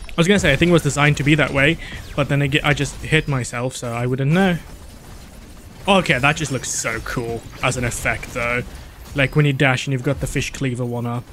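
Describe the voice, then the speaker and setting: A man giving casual gameplay commentary, excitable, talking to himself with gasps, restarts and sudden outbursts. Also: mid-range voice, fairly quick, a little hiss or hum. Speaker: gaming YouTuber.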